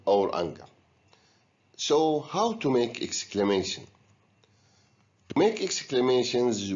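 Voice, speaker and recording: Slow, lively-voiced male English teacher. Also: mid-range voice, muffled recording. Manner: slow, deliberate, guiding students step by step. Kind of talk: recorded video lesson.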